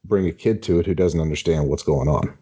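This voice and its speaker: Man, young father, podcast co-host, very deep voice, earnest, casual chat. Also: a little fast, dark tone, breathy edge.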